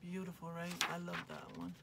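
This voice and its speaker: A woman's voice: fairly low pitch, flat delivery, fairly quick, vocal fry. A woman, hosting a craft channel and gushing over the crafting supplies she unboxes. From Puerto Rico. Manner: gushing, enthusiastic. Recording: noticeable background noise.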